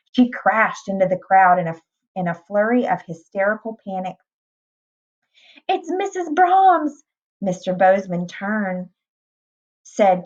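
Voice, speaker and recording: Woman reading a novel aloud, lo-fi. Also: mid-range voice. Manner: plain, unhurried reading with small restarts. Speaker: reader. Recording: dull lo-fi recording.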